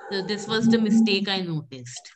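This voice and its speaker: In an online class, a woman teaches French pronunciation, patiently repeating words and calling on students by name. Her medium-pitched voice is expressive at a moderate pace, and there's noise in the background.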